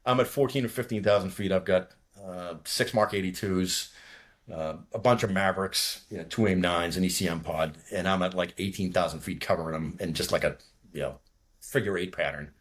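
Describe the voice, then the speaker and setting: A man in his sixties from near Boston recounts a combat mission in loose, profane podcast talk. His voice sits very low and has a husky grain, and he rambles on from one detail to the next. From from near Boston, USA. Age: 60s. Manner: rambling, profane, talks fast when nervous. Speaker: guest, retired fighter pilot. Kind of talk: casual war story telling.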